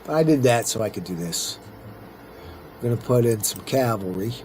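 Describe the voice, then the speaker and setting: A man's voice: lowish voice, lively intonation, normal speed, darkish tone, a little hiss or hum. A middle-aged man casually commenting on his own strategy gameplay, rambling and talking to himself as he plays. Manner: rambling, chatty, talks to himself while playing. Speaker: let's-play host.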